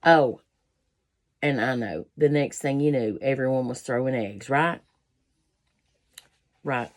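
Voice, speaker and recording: A woman's voice: very deep voice, takes it slowly. A woman reading a children's picture book aloud, breaking off for folksy asides to her listeners. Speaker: storybook reader.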